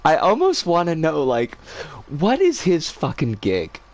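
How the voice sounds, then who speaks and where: A woman streamer casually telling a story, animated and swearing freely. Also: sits low, measured pace.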